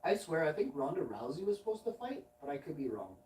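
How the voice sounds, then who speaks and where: A man's voice: a little high, very animated, fast, darkish tone. A man hosting a late-night livestream, telling a long anecdote in a loose, swearing, self-interrupting way. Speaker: livestream host. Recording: roomy and distant from the mic.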